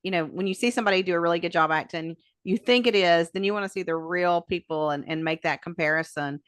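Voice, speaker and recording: A woman's voice: on the low side, fast, smooth, dry recording, studio quality. A woman co-hosting a podcast, chatting casually and thinking aloud with many fillers. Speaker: podcast co-host. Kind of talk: casual chat.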